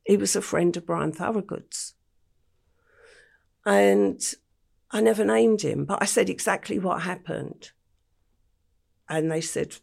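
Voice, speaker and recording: An older English woman, a podcast interview guest, retelling her past slowly and matter-of-factly with quoted dialogue. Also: fairly low pitch, a little mellow. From England. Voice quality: gravelly, husky.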